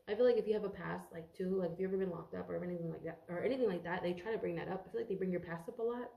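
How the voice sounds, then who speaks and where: A woman's voice: lowish voice, racing, vocal fry, few pauses, warm tone, roomy sound. A congested woman giving a casual tarot reading to camera, rambling, swearing freely and stumbling over her words. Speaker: tarot reader.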